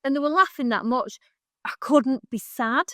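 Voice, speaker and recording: A woman's voice: high voice, normal speed, bright, forceful tone, dry recording. Dry-sounding woman telling stories. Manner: rambling, heartfelt storytelling with laughs. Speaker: podcast co-host. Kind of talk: casual chat.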